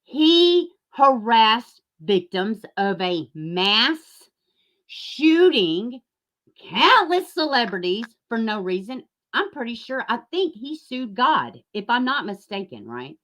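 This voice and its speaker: A fired-up woman with a drawl, ranting profanely into the camera. Her fairly high voice leaps up and down as she mocks her targets, sometimes dropping into a sneering whisper. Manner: angry, profane, sarcastic, swings between loud outbursts and mocking asides; drops into a mocking whisper. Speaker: YouTube commentary host. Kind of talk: ranting commentary.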